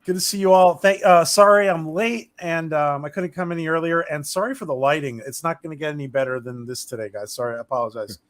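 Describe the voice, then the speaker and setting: Male guest, fast, a bit high, apologetic. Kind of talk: casual chat.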